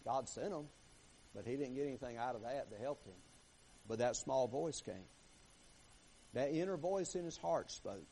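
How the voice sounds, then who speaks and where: A man preaching a sermon who reads scripture aloud and swings between hushed, quiet passages and emphatic, rising ones. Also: medium pitch, animated, moderate pace, long pauses, slight background noise, low-quality recording.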